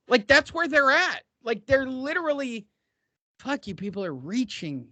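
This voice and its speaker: Man, podcast host, high voice, sarcastic, swears freely, dry close sound. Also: sing-song, sharp tone, no echo. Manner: sarcastic, profane, drawn-out emphasis. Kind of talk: casual podcast chat.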